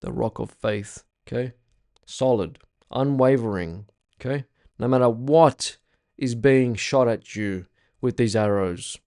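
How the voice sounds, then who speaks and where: A man's voice: medium pitch, takes it slowly, warm tone. A young man teaching a spiritual workshop in a casual, blunt way, swearing freely and repeating his points with emphasis.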